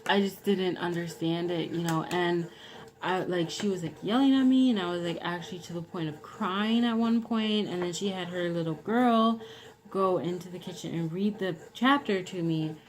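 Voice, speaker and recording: A woman's voice: on the low side, normal speed, rough recording. A young woman telling a personal story in a rambling, casual way, full of "like" and "you know". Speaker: vlogger.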